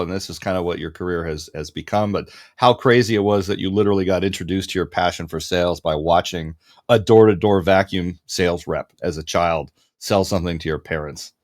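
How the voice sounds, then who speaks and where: A man with a somewhat low voice interviewing a guest on a podcast. He speaks conversationally and steers the discussion with questions and setups. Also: fairly quick.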